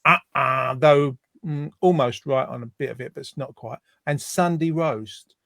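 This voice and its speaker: A man's voice: mid-range voice, unhurried, creaky, fairly bright tone, no room sound. A man from the UK hosting a casual chat show, jokey and rambling. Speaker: host.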